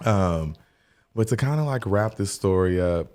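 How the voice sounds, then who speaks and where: A young man co-hosting a podcast, telling a story in a rambling way with lots of "like", and jumping into high mock voices when he quotes people. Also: animated, unhurried, darkish tone. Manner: rambling retelling with many "like" fillers. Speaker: podcast co-host and hair stylist. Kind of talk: casual storytelling chat.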